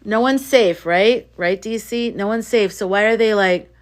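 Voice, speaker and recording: A woman speaking a little slowly at medium pitch hosts a relaxed live chat. She reads out viewer comments with emphasis and repeats herself frequently.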